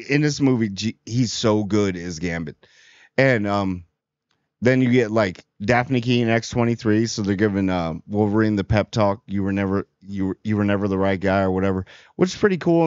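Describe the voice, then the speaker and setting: A man's voice: medium pitch, darkish tone, no room sound. A man giving a casual, rambling movie review in a chatty, amused way. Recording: dry, slightly dull audio.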